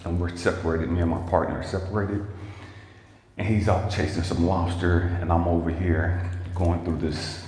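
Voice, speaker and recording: A man with a very low voice tells a motivational story straight to his livestream viewers. He talks emphatically and casually and drops curse words along the way. His voice rings in a roomy space with long reverb and a faint hiss underneath. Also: fairly even intonation, moderate pace, a little mellow. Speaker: life coach and motivational speaker. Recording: echoey room with long reverb and faint noise.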